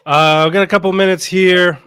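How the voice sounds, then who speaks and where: A man hosts a casual football podcast, chatty and quick with a joke. His voice is mid-pitched, and the recording is dry, with little room sound. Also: fairly even intonation, a bit bright, smooth, dry recording. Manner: jokey and chatty. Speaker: podcast host.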